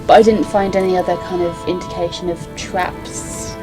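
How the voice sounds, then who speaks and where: A woman's voice: lowish voice, little pitch movement, moderate pace, music in the background. A woman playing a tabletop game, chatting casually and asking the game master questions. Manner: inquisitive, asks questions. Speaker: player.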